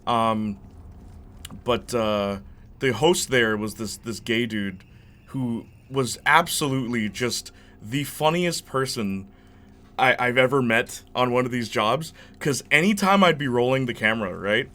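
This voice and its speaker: Unhurried and chatty, this young gaming host rambles through stories during casual gameplay commentary. His medium-pitched voice sounds bright and forceful.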